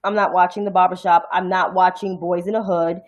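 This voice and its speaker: This Harlem-born host of a casual livestream commentary show has a New York accent and delivers blunt, profane, indignant rants. Her voice sits on the low side, level in tone, fairly quick and darkish, over dull audio.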